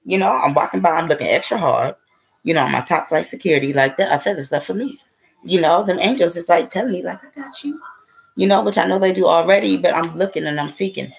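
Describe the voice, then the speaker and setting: On poor audio, a woman with a lowish, gravelly, breathy voice speaks fast. She's a spiritual vlogger telling a casual, rambling story, cursing freely and often asking "okay?" and "right?"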